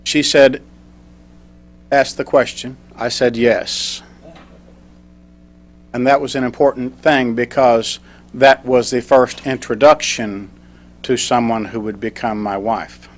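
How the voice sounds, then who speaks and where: A middle-aged man giving a prepared club speech, telling a personal story and reading a poem slowly. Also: medium pitch, fairly even intonation. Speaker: club speaker.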